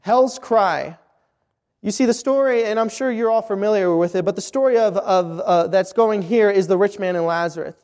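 A man's voice: high-pitched, normal speed, darkish tone. A man preaching a sermon at a missions conference, earnest, often repeating words as he restarts his phrases. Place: church hall at a missions conference. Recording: reverberant hall.

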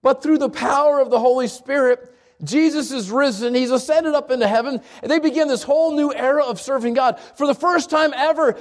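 A man with a strikingly high-pitched voice delivers a sermon as a pastor. He talks earnestly, stumbles into repeated words and swells toward emphatic high points. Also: fairly quick. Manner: earnest, repeats words when restarting, rises to emphatic peaks.

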